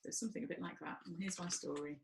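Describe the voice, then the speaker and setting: A woman leading an online children's church session, talking gently and playfully to small children while doing crafts and telling a story. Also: lowish voice, quick pace, creaky, noisy background. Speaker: children's church group leader.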